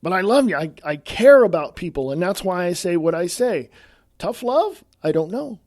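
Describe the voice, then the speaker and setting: A man's voice: high voice, big pitch swings, moderate pace, a little mellow, no echo, studio quality. A man hosting his own podcast, talking bluntly in a scolding, sarcastic monologue. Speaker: podcast host.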